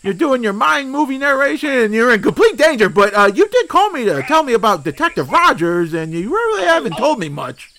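Gravelly, excitable comedy podcast host man. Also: very high-pitched, brisk, hardly any pauses. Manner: exclamatory, swears a lot, theatrical outbursts.

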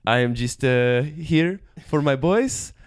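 A man's voice: mid-range voice, lively intonation, slow pace, clear, resonant tone, no echo, studio quality. A man doing a suave Puerto Rican photographer. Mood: flattering. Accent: put-on Puerto Rican accent. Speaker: comedy guest character. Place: podcast studio.

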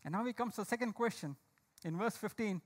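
Male pastor, very high voice, questioning sermon style, emphatic on key lines. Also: fast. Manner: asks the congregation questions, calls on listeners by name.

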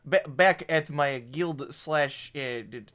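A man's voice: fairly high pitch, slow, fairly bright tone. A man playing a tabletop game, arguing in character and often breaking into laughter. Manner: argumentative, laughing. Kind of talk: in-character role-play.

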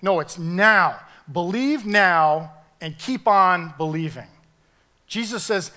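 A male pastor preaching a sermon in an animated, emphatic way, pushing his voice up at key points. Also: high-pitched, takes it slowly.

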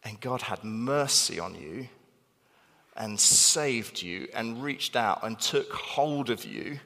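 Bright, emphatic male preacher in a hall. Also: medium pitch, slow pace. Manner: animated and emphatic, repeating phrases for stress. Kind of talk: sermon. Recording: long reverb of a large hall.

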